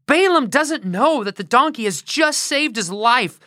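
Woman storyteller, children's Bible story, lively pitch, slow delivery, asks listeners questions. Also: no echo, studio quality.

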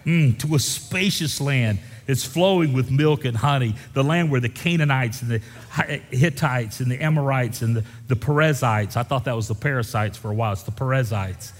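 Pastor preaching, big repeats, folksy jokes, long church echo. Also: male voice, mid-range voice, moderate pace. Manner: preaching with rising intensity, repeating phrases; folksy, joking with the congregation. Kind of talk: sermon. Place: church sanctuary. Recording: church hall with long reverb.

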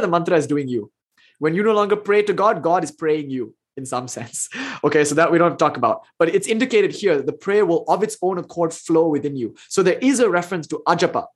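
A man teaching a class on spiritual practice, explaining ideas and reading aloud from a text, with playful asides. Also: fairly high pitch.

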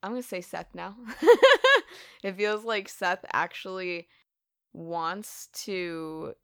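Woman, podcast co-host, casual film recap, animated, frequent laughs, smooth clear voice. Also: lowish voice, takes it slowly, no echo, clean studio sound.

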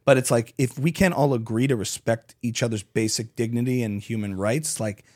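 A man, a comedian guest, talking in a casual podcast chat, animated and rambling with frequent restarts. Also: mid-range voice, brisk.

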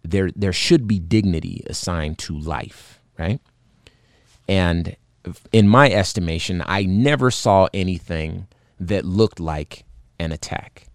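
A man's voice: deep voice, slow, dry recording, clean studio sound. A man hosting a show, recounting a video in earnest, indignant commentary with many fillers and restarts. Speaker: podcast host.

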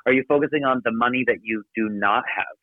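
A man giving an energetic, emphatic motivational talk from his office as a podcast guest. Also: mid-range voice, no room sound. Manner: energetic, emphatic, rapid coaching delivery. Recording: dry, phone-like narrow sound.

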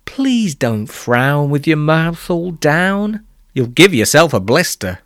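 A man's voice: on the high side, very animated, takes it slowly, a bit bright, dry recording, clean studio sound, heavily acted. A man voicing an enthusiastic father in a rhyming storybook. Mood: enthusing. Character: enthusiastic young father announcing news.

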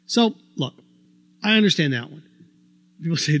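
Guy with a high voice ranting about college football coaches, dry sound, lots of rhetorical questions. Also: moderate pace, vocal fry, no echo. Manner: argumentative, rhetorical questions, animated. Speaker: sports talk host. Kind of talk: opinionated sports commentary monologue.

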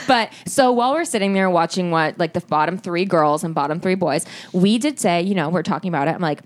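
A woman's voice: lowish voice, expressive, a little fast. A young woman co-hosting a podcast, chatting casually and telling stories with acted-out quotes and frequent laughs. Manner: chatty storyteller, laughs often, acts out quotes. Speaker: podcast co-host. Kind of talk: casual chat recapping a reality show.

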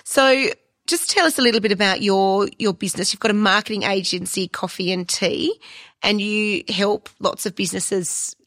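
A woman's voice: mid-range voice, fairly even intonation, normal speed, fairly bright tone, no echo. A woman hosting a podcast interview, enthusiastic and friendly as she asks questions. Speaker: podcast host.

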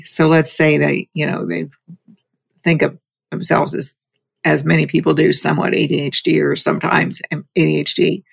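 A woman with a strongly gravelly, fry-laden voice relates a story in relaxed conversation. She stumbles and repeats words as she goes, slipping in a light laugh now and then. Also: sits low. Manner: frequent restarts and repeated words.

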